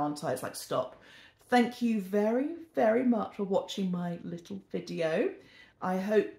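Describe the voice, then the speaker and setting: A woman's voice: on the low side, a little mellow. A British woman vlogger telling a rambling, self-deprecating storytime at home in a casual, chatty way. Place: indoors in a home. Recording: echoey room.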